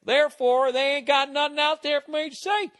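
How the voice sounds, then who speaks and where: A man's voice: extremely high pitch, steady tone, fairly quick, a bit bright, pitched above the performer's own voice. A man putting on a mocking Southern accent to play a dismissive rural Southern man. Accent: Southern US, put on.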